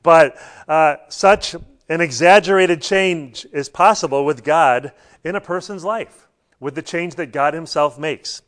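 A man delivers a sermon in an easy, talk-like manner, weaving in anecdotes. His voice sits a little on the high side. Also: measured pace, fairly bright tone. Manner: conversational preaching with anecdotes and light laughs. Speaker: pastor.

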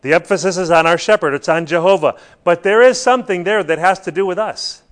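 A man preaching a sermon, stressing points and putting questions to his listeners. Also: fairly high pitch. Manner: rhetorical questions to the congregation, emphatic.

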